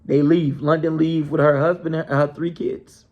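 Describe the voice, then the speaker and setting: A man's voice: a little high, little pitch movement, normal speed, dull audio. A man telling a story in a casual, conversational way, checking in with his listeners as he goes.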